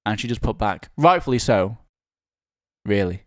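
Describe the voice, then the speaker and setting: A man's voice: fairly low pitch, expressive, normal speed, a bit bright, no echo. Young man, sheepish rambling, casual chat, dry room. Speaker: podcast co-host.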